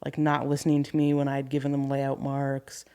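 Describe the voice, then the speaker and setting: A woman's voice: extremely low pitch, fairly quick, clean tone. A woman in her thirties, a carpentry business owner, candidly telling stories from the job as a podcast guest. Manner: candid, animated storyteller. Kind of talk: casual podcast storytelling.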